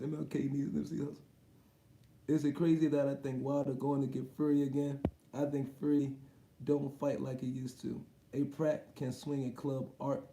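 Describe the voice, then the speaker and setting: Slangy boxing streamer, echoey room. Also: male voice, fairly high pitch, warm tone. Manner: loose, slangy and profane, quick reactions. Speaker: boxing livestream host. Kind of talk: casual livestream chat, reading viewer comments aloud.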